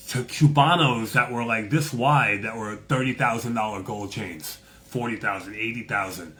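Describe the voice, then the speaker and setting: A man's voice: lowish voice, normal speed, fairly bright tone. A man hosting a casual chat, telling a story in a profane, swaggering way and acting out the people in it. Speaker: host.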